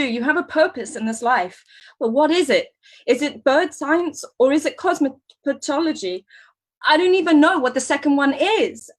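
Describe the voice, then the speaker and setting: Woman playing a flustered high-voiced garden woman. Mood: rambling. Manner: flustered, rambling, excitable. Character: scatterbrained woman failing bird science, excitable. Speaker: improv performer. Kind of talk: improvised first-person storytelling. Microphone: video call.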